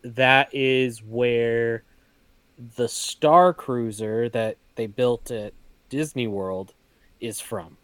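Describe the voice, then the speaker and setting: Man, slow easygoing speech, dry close mic, casual podcast chat. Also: medium pitch, steady tone, a bit bright, smooth, dry recording. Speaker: podcast co-host.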